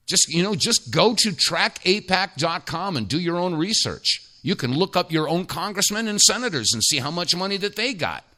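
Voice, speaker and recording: Man, talk radio host, sarcastic, rambling, lively pitch, slightly high voice. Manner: sarcastic, emphatic, rambling with restarts.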